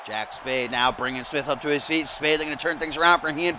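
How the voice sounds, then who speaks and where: An excitable man calls a wrestling game live on a stream, his voice sitting on the higher side and jumping up into shouts when the action spikes. There is clear background noise under the whole recording. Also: fast talker, few pauses. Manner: excitable, often rising to shouts on big moves. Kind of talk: live-stream play-by-play commentary.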